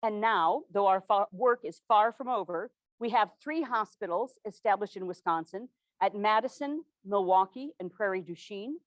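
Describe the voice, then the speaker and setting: An earnest widow from the 1860s, portrayed by a woman, tells her story in a first-person historical portrayal. Her diction is formal and measured, and her pitch sits in the middle range. The sound is dry, with no room echo. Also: close to an everyday voice. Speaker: living historian.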